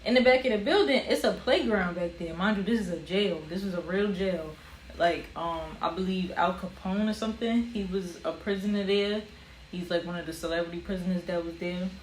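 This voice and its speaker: A young woman telling a personal story in a casual vlog, animated, with casual slang. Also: fairly low pitch, fairly quick. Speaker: vlogger. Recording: roomy echo with faint ambient noise.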